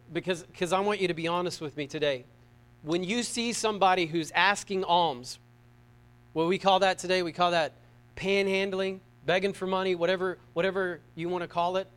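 A man's voice: high-pitched, fairly bright tone. A middle-aged man preaching a sermon, conversational and humorous, often asking the congregation questions. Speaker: pastor.

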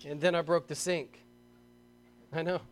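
A middle-aged man preaching a sermon, telling stories with animated, emphatic bursts and reading scripture slowly. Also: on the high side, faint music behind. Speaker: pastor.

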